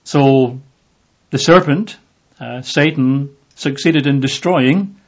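A man teaching from the Bible in a relaxed, conversational way, with lots of fillers, sometimes acting out the voices in the passage. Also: mid-range voice, takes it slowly. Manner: conversational, with many fillers, acts out voices in the reading. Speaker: preacher. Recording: dull lo-fi audio.

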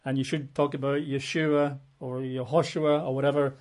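A man teaching about Bible manuscripts in a casual way, with dry, wry humor and slow pauses. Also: medium pitch, little pitch movement, a little mellow.

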